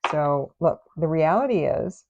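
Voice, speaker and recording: A woman's voice: low-pitched, animated, a little slow, lo-fi sound, background noise. A woman giving a casual tarot reading, sassy and exasperated in her asides. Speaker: tarot reader.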